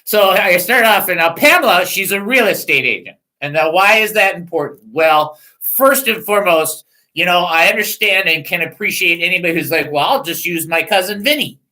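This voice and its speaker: A middle-aged man hosting a casual talk radio show, joking and rambling in a self-mocking way and reading out phone numbers slowly. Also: high voice, bright, forceful tone, rough recording.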